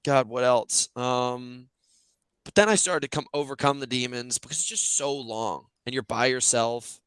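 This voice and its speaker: A man's voice: mid-range voice, moderate pace, smooth, dry recording. A male podcast host chatting casually, telling stories animatedly with lots of fillers. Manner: animated, loose storytelling with many fillers. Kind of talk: casual chat.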